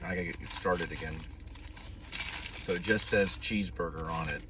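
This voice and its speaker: A man's voice: deep voice, moderate pace. A man who drives food deliveries, rambling casually and talking while he chews, from a parked car. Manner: rambling, talks while chewing. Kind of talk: casual eating vlog. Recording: distant, noisy car recording.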